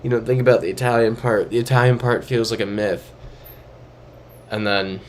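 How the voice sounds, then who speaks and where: A man's voice: medium pitch, fairly even intonation, normal speed, slight background noise. A young man streaming a geography guessing game, thinking aloud and reading chat messages in a casual, muttering way. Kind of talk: casual live-stream commentary.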